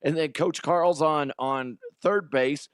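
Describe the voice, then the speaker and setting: A middle-aged man and show host telling a story in an animated way, jumping from loud outbursts to quiet asides. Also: a little high, takes it slowly, clean tone, no echo, clean studio sound. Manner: excitable, swings from loud shouts to quiet asides.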